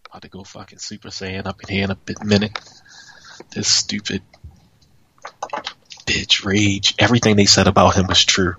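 A man's voice: low-pitched, monotone, normal speed, long pauses, sharp tone, lo-fi sound, a little hiss or hum. A man hosting a podcast, ranting in exasperation, swearing and laughing as he waits for his co-host. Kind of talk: profane comedic podcast rant.

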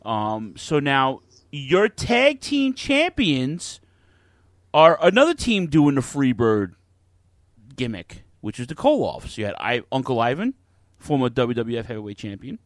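Animated host recapping wrestling history. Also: male voice, medium pitch, unhurried, no echo, studio quality. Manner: animated, swears, recaps and sets up clips. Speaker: podcast host. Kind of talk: casual chat.

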